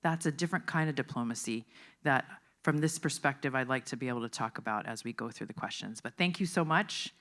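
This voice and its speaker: A woman's voice: a bass voice, fast talker, fairly bright tone. Older woman wrapping up panel remarks.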